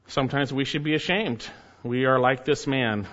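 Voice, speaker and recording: A man preaching a sermon, emphatic, his voice climbing high when he reads quoted lines. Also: normal speed, fairly bright tone, long reverb tail, dull audio. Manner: emphatic, rises sharply when reading quotes. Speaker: pastor.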